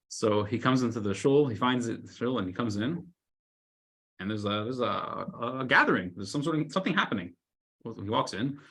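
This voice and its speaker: A man, a rabbi, telling a story in a weekly Torah class, loudly acting out the scolding characters. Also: mid-range voice, slightly rough. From United States. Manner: animated storyteller, shouts the lines of scolding characters.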